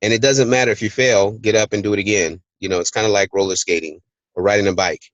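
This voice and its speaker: A low-pitched man talks loosely and energetically through a motivational chat. His voice sits dry and close to the mic. He tells stories and acts out bits of them in quotes. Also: steady tone, quick pace, fairly bright tone, dry recording, lo-fi sound. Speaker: host of a team call. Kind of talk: casual motivational talk. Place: hot place, remote recording.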